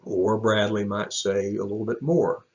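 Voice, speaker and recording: Low-pitched man, church staff, relaxed rambling advice to parents. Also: unhurried, muffled recording. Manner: rambling, relaxed, many ums and restarts. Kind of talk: advice talk to parents in a video.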